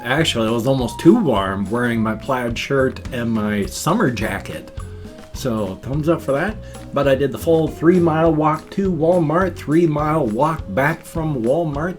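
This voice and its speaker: An older man talking in a folksy, chatty way as a vlogger, rambling through a casual daily vlog. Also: mid-range voice. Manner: folksy, chatty, says thumbs up often. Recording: faint guitar music behind.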